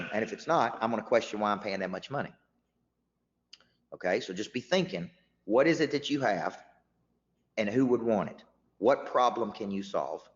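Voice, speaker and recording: A man's voice: fairly low pitch, animated, moderate pace, pauses often. Emphatic male coach, muffled reverberant audio. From Tennessee. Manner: emphatic, repeats words when restarting. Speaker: business coach hosting a webinar. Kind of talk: motivational webinar talk.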